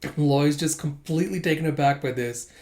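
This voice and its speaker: A man's voice: on the high side, a little fast, darkish tone. Chatty man recapping a comic. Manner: chatty, laughing, many fillers. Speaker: comic chapter reader and commentator. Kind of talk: casual chapter recap.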